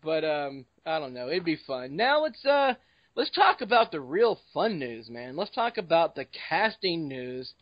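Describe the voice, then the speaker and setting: Podcast host, man, rambling casual delivery, slightly high voice, dull lo-fi dry recording. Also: big pitch swings, a little slow, dry recording. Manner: rambling, loose, many fillers.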